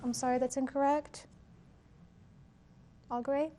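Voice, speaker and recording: A woman moderating a quiz competition, reading questions and rulings in a measured, formal way with an occasional "um". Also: high voice, little pitch movement, mellow, slight background noise.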